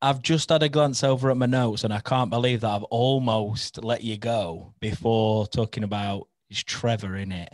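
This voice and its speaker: A man's voice: fairly low pitch, steady tone, moderate pace, hardly any pauses, dry recording. A man hosting a podcast, friendly and encouraging as he interviews a guest. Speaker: podcast host.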